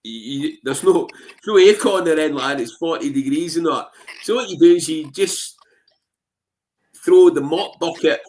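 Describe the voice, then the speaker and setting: A Scottish man telling anecdotes in a casual interview, animated and full of "you know what I mean" fillers. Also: on the high side, moderate pace. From Scotland. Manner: animated, acts out voices in his anecdotes. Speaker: interview guest.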